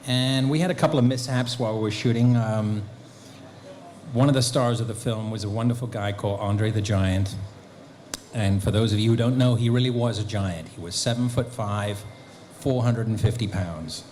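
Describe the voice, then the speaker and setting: A man, a guest actor and author, telling lively anecdotes at a convention Q&A, acting out bits of dialogue. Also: lowish voice, moderate pace, slight background noise. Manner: animated storyteller, acting out quotes. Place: convention hall.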